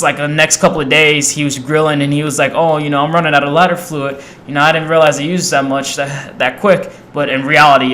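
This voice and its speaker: Animated young man telling a story. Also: on the high side. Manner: rambling, animated, acts out quoted voices. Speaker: storyteller vlogger. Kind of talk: casual storytelling to camera.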